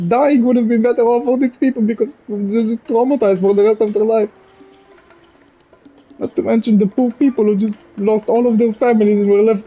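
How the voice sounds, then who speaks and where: A young man from Israel talks straight to camera through tears, his husky voice catching as he stumbles, repeats words and swears. The recording is dull and lo-fi, with faint music underneath. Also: sits high. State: crying, choked up. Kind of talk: emotional direct-to-camera monologue.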